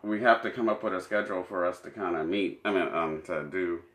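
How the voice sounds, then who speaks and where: A man's voice: low voice, a little fast, a bit bright, echoey room. A man co-hosting a podcast, chatting casually and crudely, rambling, joking and often laughing. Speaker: podcast co-host.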